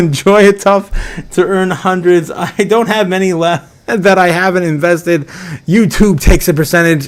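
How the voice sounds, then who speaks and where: A man hosting a casual livestream, reading out chat donations, laughing often and rambling with lots of fillers. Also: sits high. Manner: giggly and excitable, laughing often between lines; rambling with frequent fillers and repeats. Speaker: livestream host.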